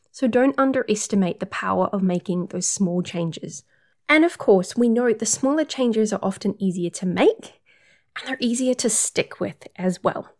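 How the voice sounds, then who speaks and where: A woman's voice: mid-range voice, darkish tone. Upbeat woman coach giving step-by-step tips. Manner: upbeat, walks through numbered steps. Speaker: period coach. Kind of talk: casual advice monologue.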